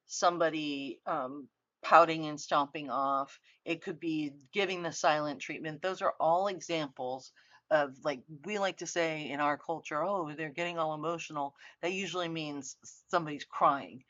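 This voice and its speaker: A woman's voice: sits low, a bit bright, no room sound. A woman giving a university lecture in an earnest, conversational way, often restarting her phrases. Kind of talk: recorded online lecture. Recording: dry, dull lo-fi recording.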